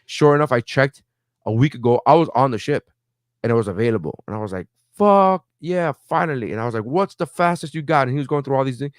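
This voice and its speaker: Animated man ranting about his internet. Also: mid-range voice, racing, no echo, clean studio sound. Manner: animated storyteller, swears freely, acts out phone calls. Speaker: podcast co-host. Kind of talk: casual podcast chat.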